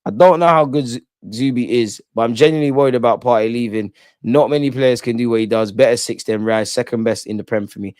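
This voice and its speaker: A young man hosting a casual football live stream, slangy and animated, tagging lines with "man". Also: medium pitch, fast talker, clear, resonant tone, dry recording. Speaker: football channel host.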